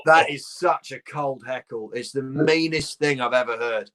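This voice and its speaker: A middle-aged man from London with a posh southern English accent, a guest comedian telling lively stories in a casual chat, swearing freely and laughing as he goes. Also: mid-range voice, normal speed, a loud crowd.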